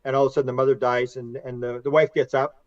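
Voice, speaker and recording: A middle-aged man, a podcast guest and author, telling long stories in a rambling, animated way and acting out quotes. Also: medium pitch, quick pace, no room sound, highs cut off. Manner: animated, rambling storyteller who acts out quotes. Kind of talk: casual conversational storytelling.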